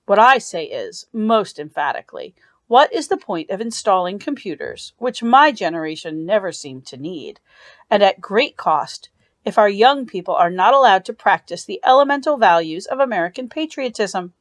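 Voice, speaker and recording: A pompous middle-aged businessman orating to a crowd, emphatic and self-important, as a woman reads him aloud. The pitch swings widely, and the sound is dry. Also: sing-song, moderate pace, no echo, natural voice.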